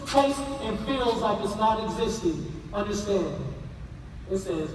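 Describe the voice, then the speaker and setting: A man preaching a sermon with passion, rising to shouts and calling on the congregation to answer. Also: sits high, slow pace, recorded from a distance, slight background noise. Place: large church hall. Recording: echoey hall, voice from afar.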